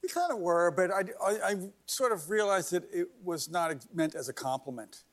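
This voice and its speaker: Older male singer, talk-show guest, a touch high, soft and hesitant. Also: animated, moderate pace. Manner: hesitant, soft-spoken, dry.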